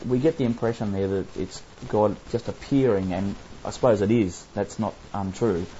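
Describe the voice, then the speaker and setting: Male bible study leader, low and mellow, dull lo-fi recording, explains and asks rhetorical questions. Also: normal speed, a little hiss or hum.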